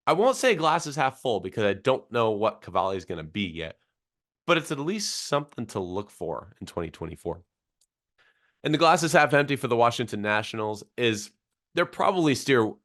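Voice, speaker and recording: A man's voice: mid-range voice, fairly bright tone. A man hosting a solo baseball podcast, running through stats in a conversational way with fillers while his voice recovers from illness. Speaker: podcast host. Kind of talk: solo sports podcast commentary.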